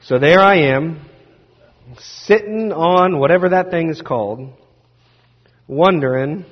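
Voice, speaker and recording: A man preaching a sermon, telling a self-deprecating personal story in a lively way. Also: a little high, slow, pauses often. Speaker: pastor. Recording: dull sound with long hall reverb.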